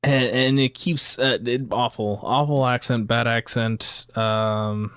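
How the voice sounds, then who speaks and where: A man's voice: mid-range voice, steady tone, slow pace, a bit bright, clear, resonant tone, no room sound, studio quality. A man co-hosting a podcast, talking casually and analytically about a film and steering the discussion. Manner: analytical, leads the topics. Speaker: podcast co-host.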